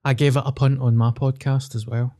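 A man's voice: medium pitch, flat delivery, a little fast, mellow. A man chatting on a podcast with dry, understated humour. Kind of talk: casual podcast chat.

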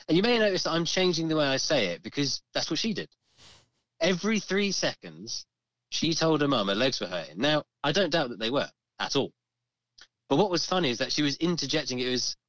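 A man co-hosting a podcast, telling a story in a casual, animated way and acting out the voices of the people in it. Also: fairly high pitch, fairly quick, dry recording, low-quality recording. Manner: animated, swearing, acts out the voices in his story. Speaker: podcast co-host.

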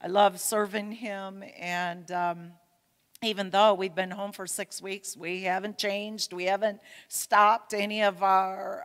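A woman speaking casually to her church, folksy and self-deprecating with lots of fillers. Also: medium pitch. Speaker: pastor's wife speaking at church. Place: church sanctuary. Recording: long hall reverb.

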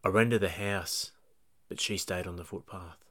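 Deep low guy telling a cop story, steady and tense, podcast narration. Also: normal speed. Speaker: police dog handler and podcast host. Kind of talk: first-person true-story narration.

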